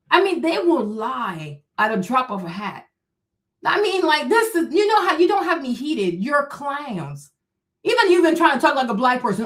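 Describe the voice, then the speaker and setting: A woman hosting a livestream, talking in a blunt, heated and profane way, mocking her audience with bursts of laughter. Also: high voice. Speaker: livestream host. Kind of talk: ranting commentary stream.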